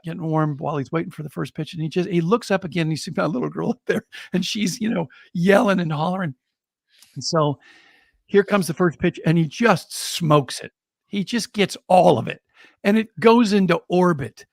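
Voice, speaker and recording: A middle-aged American man, a storyteller, telling a personal anecdote on a podcast in a lively way and chuckling as he goes. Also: high voice, creaky, no room sound, clean studio sound. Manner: lively, chuckling, builds excitement as he tells it.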